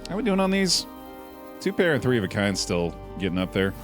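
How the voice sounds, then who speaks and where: A young man casually commenting on a card game on a live stream, chatty and relaxed, calling his chat dude and bud. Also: fairly low pitch, a little fast, over music.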